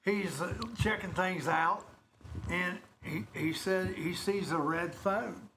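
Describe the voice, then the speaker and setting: A man hosting casual local radio, chatty and rambling and quick to laugh. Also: high-pitched, fairly bright tone, a little hiss or hum.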